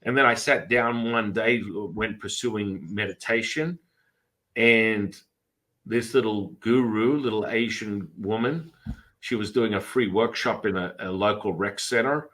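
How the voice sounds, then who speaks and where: Bright-voiced man telling animated stories. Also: lowish voice, measured pace, rough recording. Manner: animated, rambling, with restarts and acted-out quotes. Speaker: podcast host and Taoist priest. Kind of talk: casual storytelling chat.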